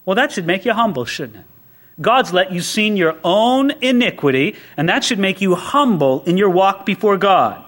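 Male pastor, high and animated, preaching with rhetorical questions and impassioned quoted prayers. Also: normal speed. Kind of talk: sermon.

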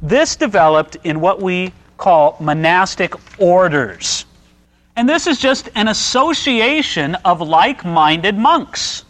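A man's voice: sits high, animated, slow pace, a bit bright. A man teaching church history in a casual, folksy way, asking his listeners questions as he goes.

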